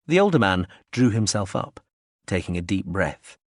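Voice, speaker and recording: Low-voiced man narrating an audiobook. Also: big pitch swings, normal speed, no room sound, clean studio sound. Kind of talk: scripted narration.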